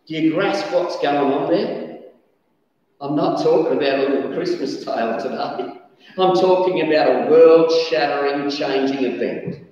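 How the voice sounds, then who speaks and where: A man preaching a lively sermon, telling stories with sudden shouted bursts. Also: on the high side, a little slow. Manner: animated storytelling, bursts of shouting. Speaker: pastor. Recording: echoey hall, distant dull mic.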